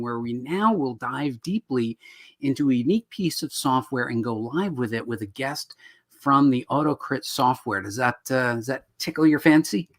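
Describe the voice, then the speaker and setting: A man co-hosting a live comics-writing stream, joking around with lots of fillers and restarts. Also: mid-range voice. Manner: jokey, rambling, lots of fillers. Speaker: co-host. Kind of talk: casual live-stream chat.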